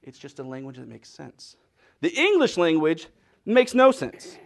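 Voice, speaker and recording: A man's voice: on the high side, measured pace, gravelly. A middle-aged man preaching a humorous sermon, telling stories with playful wordplay. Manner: animated storytelling with playful wordplay.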